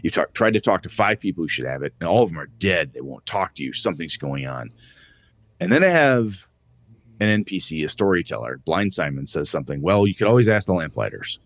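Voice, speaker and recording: A man's voice: a little fast, no room sound. A man co-hosting a tabletop gaming podcast, chatting casually and acting out quotes from his players. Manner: animated, acts out quotes with rising pitch. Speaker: podcast co-host and game master.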